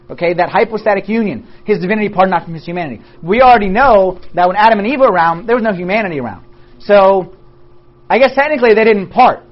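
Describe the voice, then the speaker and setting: A Bible study teacher leading a class in an animated way, asking and answering their own rhetorical questions and joking with the group. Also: mid-range voice. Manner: jokes with the group. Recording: dull lo-fi recording.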